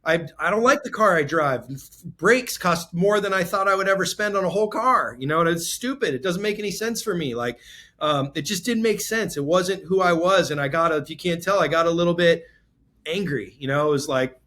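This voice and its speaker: Podcast guest: man, 40s, slightly higher voice, earnest and rambling, emotional candor. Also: moderate pace, fairly bright tone. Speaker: guest, real estate entrepreneur. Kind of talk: candid podcast interview.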